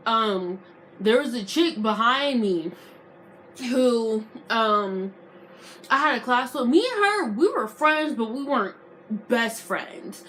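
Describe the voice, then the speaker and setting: Animated young woman telling a story. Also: fairly high pitch, a little slow, slight background noise. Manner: animated, slangy, re-enacts arguments. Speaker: vlogger. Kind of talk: casual storytime vlog.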